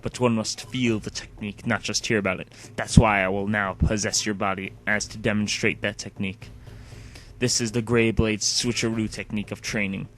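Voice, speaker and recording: A man's voice: on the low side, level tone, normal speed, fairly bright tone. A man giving casual, rambling gameplay commentary as a let's play host, often dropping "like" as a filler. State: sleepy.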